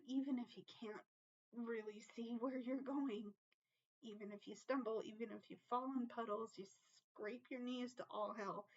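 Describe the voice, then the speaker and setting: A fairly high-voiced woman talks through a tarot reading, earnest and open with her feelings. She keeps checking in with "okay?" and swears without fuss. The recording sounds dull and lo-fi. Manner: earnest, emotional, repeats "okay?", swears casually. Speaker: tarot reader. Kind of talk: casual tarot reading to viewers.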